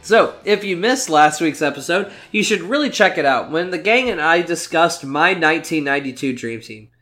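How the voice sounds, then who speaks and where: Male podcast co-host, bright forceful tone, pitched a bit high, jokey chatter. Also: animated. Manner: jokey, quick asides. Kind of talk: casual podcast chat.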